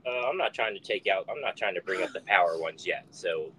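A man's voice: a little fast, breathy edge, low-quality recording. A man in casual movie chat with friends, acting out quotes with big jumps in his voice. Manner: animated, acts out quotes with big pitch jumps. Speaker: podcast co-host.

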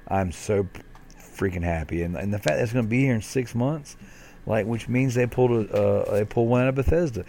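A man with a fairly low voice co-hosts a relaxed gaming podcast. He talks in an excitable, rambling way and scatters "dude" and "like" all through it. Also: brisk, creaky, slight background noise. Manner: excitable, peppers talk with "dude" and "like". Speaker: podcast co-host. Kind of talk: casual gaming chat.

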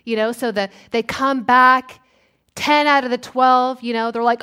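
Woman, sermon, church, high-pitched, unhurried, acts out voices. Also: smooth. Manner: animated, acts out complaining voices. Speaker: guest preacher.

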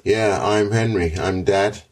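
A middle-aged dad hosting a family podcast, talking in an earnest, rambling way. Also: male voice, on the low side, fairly even intonation, slow, a little mellow. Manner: earnest, rambling, laughs often. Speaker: podcast host, father. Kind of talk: casual family podcast chat.

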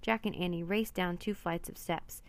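A woman reading a children's adventure book aloud in an expressive storytelling manner. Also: on the low side, normal speed.

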